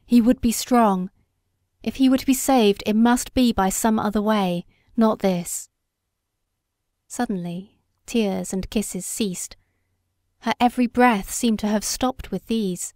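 A woman reading a story aloud as an audiobook narrator, in a measured, unhurried way. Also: medium pitch, a little mellow, no room sound, studio quality. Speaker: audiobook reader. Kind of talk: scripted narration.

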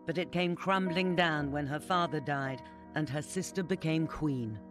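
A man narrates a documentary from a script at a measured, even pace. His voice sits somewhat high. Clear music plays underneath.

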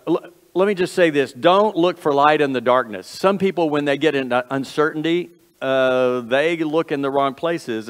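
Man preaching in a reverberant sanctuary. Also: mid-range voice. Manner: earnest, folksy preaching with repeated phrases and self-corrections. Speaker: pastor. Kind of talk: sermon. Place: church sanctuary.

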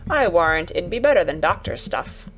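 A woman voicing a gentle, earnest farm boy in an audiobook reading, speaking in broad dialect over faint music. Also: on the low side, big pitch swings, moderate pace. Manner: broad dialect, warm and coaxing.

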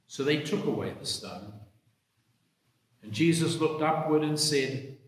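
A man, a priest, reading the gospel and preaching a sermon in a slow, measured, reflective way. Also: medium pitch. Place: church. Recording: echoey church hall.

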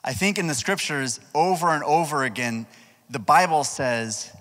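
A man preaching to a youth group as its pastor, telling a personal story with lively energy and asking the crowd questions. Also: fairly high pitch, moderate pace. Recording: long hall reverb.

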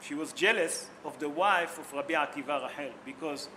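A man's voice: fairly high pitch, fairly quick, sharp tone, a little hiss or hum. A man speaking as a rabbi in a sermon, telling stories emotionally and asking his listeners questions, in non-native English with simple grammar. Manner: emotional storytelling, asks the audience questions.

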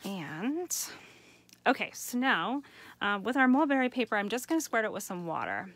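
A woman hosts a live craft demonstration streamed from a home microphone setup, her fairly high, bright voice swinging widely in pitch at a normal pace. She is chatty and enthusiastic, addressing viewers as "you guys."

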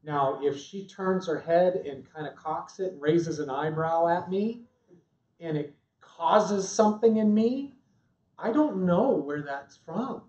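A man co-teaching a church marriage class, analytical and halting, often restarting his sentences. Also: high voice, expressive, a little mellow, echoey room, distant mic, highs cut off.

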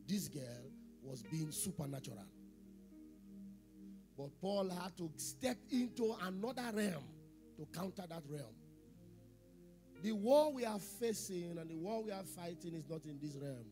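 A middle-aged pastor with a high voice preaches a sermon, throwing questions to the congregation and repeating key phrases. He swings from loud emphatic lines to quiet asides, with faint music under him.

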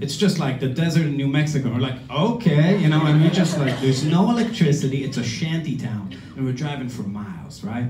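A man telling a story on stage before a live audience in a loose, animated way, peppered with "right?" and "like", dropping into muttered voices when he quotes others. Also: medium pitch, far from the mic. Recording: roomy live venue, audience noise. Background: audience laughter.

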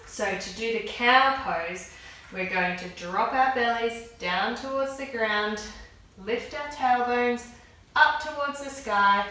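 A woman's voice: fairly high pitch, sharp tone. A woman therapist leading children through yoga poses in an encouraging, lilting way, calling out each move. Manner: encouraging, lilting, calls out moves and animal sounds. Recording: very echoey room, voice from a distance.

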